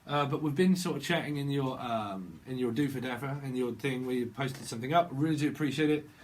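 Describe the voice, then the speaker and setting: A man's voice: mid-range voice, fairly quick, slight background noise. A man with a British accent, a tarot reader vlogging in a rambling, free-associating way, repeating words over and over. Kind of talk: rambling channeled tarot vlog.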